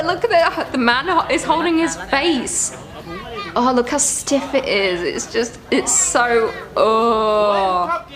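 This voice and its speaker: A woman's voice: mid-range voice, fairly bright tone. A woman hosting a reaction video, chatting casually and groaning in disgust as she rambles. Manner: squeamish, exclaiming, rambling.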